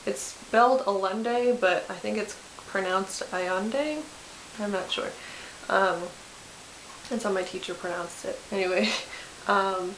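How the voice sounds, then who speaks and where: A woman's voice: medium pitch, vocal fry, a bit bright. Chatty young woman, echoey room. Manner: chatty, self-deprecating, many fillers and restarts. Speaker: book vlogger. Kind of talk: casual chat. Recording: echoey room with faint hiss.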